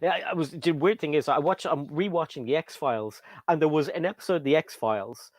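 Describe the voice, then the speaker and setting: A man's voice: on the high side, brisk, no room sound. A man with a British accent hosting a casual livestream chat, rambling and reading viewer comments aloud. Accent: British English. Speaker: livestream host.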